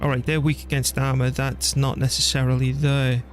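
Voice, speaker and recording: A man streaming a strategy game, chatting casually and thinking out loud as he plays, laughing easily. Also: medium pitch, little pitch movement, moderate pace, faint music behind. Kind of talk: casual gameplay commentary.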